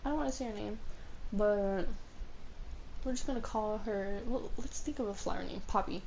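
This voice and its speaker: A woman's voice: medium pitch, moderate pace, gravelly, darkish tone, a little hiss or hum. A young woman streamer telling stories casually, rambling with lots of fillers, swearing freely and laughing often. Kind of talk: casual storytelling while gaming.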